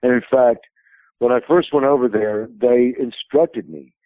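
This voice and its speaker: A man's voice: mid-range voice, measured pace, no room sound. Man telling stories over a phone line. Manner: rambling anecdotal storyteller. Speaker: wrestling promotion president, interview guest. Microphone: telephone.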